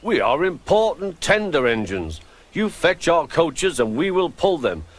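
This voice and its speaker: A man voicing a proud, stubborn big male steam engine in a children's storybook, speaking slowly and haughtily. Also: a little high, big pitch swings, voice pushed up. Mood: haughty. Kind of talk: storybook narration with character voices. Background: background music.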